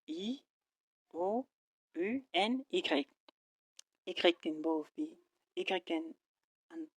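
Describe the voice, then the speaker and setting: A woman with a French accent teaches an online language lesson. Her voice sits a little low, and she explains each rule patiently, checking in with the listener as she goes. The sound is dry and close, with no room echo. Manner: explains step by step with frequent "right?" checks.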